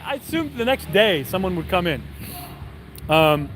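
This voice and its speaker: A man's voice: fairly high pitch, expressive, moderate pace, a little hiss or hum. A young man streaming, telling a rambling story to his chat with lots of fillers and wry asides. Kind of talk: casual storytelling to a live chat.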